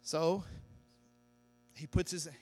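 A man preaching a sermon, telling a story that builds to loud, shouted climaxes. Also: on the high side, flat delivery, drawn-out words. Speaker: pastor.

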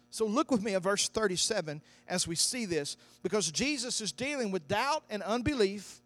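A man's voice: high voice, lively intonation, moderate pace, few pauses. A man preaching a sermon, reading scripture and building to emphatic declarations. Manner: emphatic, rising to loud declarations.

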